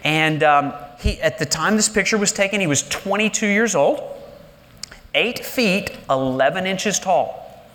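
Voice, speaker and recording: High-voiced animated preacher, church reverb. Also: male voice. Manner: animated preaching, dropping low and slow for emphasis. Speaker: pastor. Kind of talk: sermon. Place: large church sanctuary. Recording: live church hall reverb.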